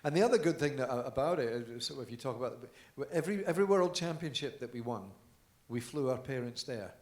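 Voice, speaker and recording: A man's voice: medium pitch, expressive, fairly quick, darkish tone. A man being interviewed on stage at a live event, telling chatty anecdotes and laughing along. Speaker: guest dancer on stage. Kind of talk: storytelling at a live audience event. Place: large conference hall. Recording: echoey hall with stage mic.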